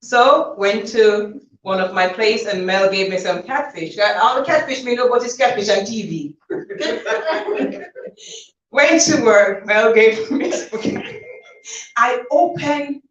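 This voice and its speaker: A woman giving a chatty, laughing thank-you speech to guests at her book launch, telling lively stories. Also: a little high, slow. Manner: chatty, laughing, animated storytelling. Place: event hall. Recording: dull, roomy, from far off.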